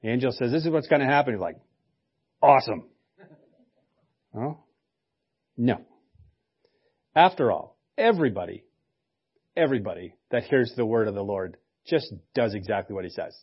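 A man's voice: lowish voice, expressive, normal speed, pauses often, husky, lo-fi sound. A male pastor preaching a sermon in a conversational way, with joking asides.

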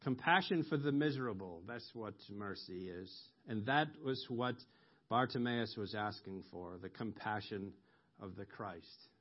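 A man preaching a sermon, explaining scripture slowly with pauses and ums, rising sharply when he quotes a cry for mercy. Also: on the low side. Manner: slow, explanatory, with ums and emphatic rises on quoted cries. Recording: dull lo-fi recording.

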